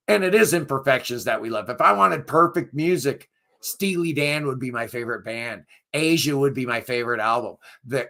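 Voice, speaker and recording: A middle-aged man, hoarse and losing his voice, hosting a music review channel and chatting casually with viewers in a rambling, enthusiastic way. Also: medium pitch, bright, forceful tone. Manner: rambling, enthusiastic, self-deprecating. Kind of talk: casual live chat with viewers.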